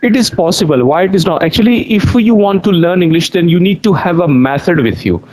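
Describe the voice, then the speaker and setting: A man's voice: sits high, lively intonation, fast talker, a little mellow, poor audio. A young adult man from India with an Indian accent, an English teacher answering interview questions in an earnest, explanatory way. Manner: earnest, explanatory, repeats points.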